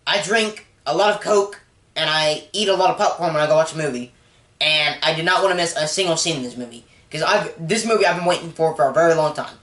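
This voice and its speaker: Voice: medium pitch, fast, fairly bright tone. Casual movie recap guy or gal, rambly, says like a lot, gets emotional, roomy echo. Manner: rambling, heavy use of "like", emotional about the story. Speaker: movie reviewer. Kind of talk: casual spoken film recap.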